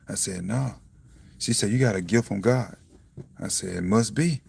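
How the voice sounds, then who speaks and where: A young man musing on faith in a casual, blunt, profane monologue, breaking into loud laughs and saying "you see what I'm saying" again and again. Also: on the low side, moderate pace, gravelly, slightly rough. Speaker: self-styled preacher vlogger. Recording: dry, from a distance to the mic.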